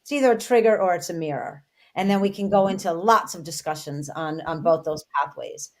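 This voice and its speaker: A woman's voice: on the low side, fairly quick, a little mellow. A woman co-hosting an interview, who asks questions and keeps repeating her enthusiastic praise. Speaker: co-host.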